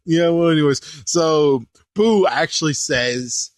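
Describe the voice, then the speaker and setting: A man's voice: mid-range voice, lively intonation, moderate pace, no room sound. Young guy rambling through an episode recap, bouncy voice, dry close sound. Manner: rambling, laughing, loose. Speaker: host. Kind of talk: casual episode commentary.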